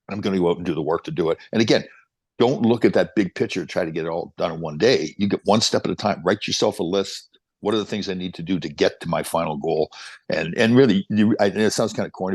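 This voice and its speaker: Gravelly, fast-talking older man. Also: low voice, no room sound. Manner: energetic, motivational storyteller. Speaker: podcast guest, motivational speaker. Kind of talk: casual chat, storytelling.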